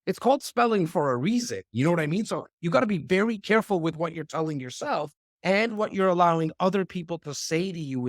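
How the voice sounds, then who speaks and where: A fairly high-voiced man chats as a podcast guest, lively and conversational, doubling back on his words as he goes. The sound is close and dry, with no room heard. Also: dry recording. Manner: animated, conversational, repeats words as he talks. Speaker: real estate investor and speaker. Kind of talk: casual interview chat.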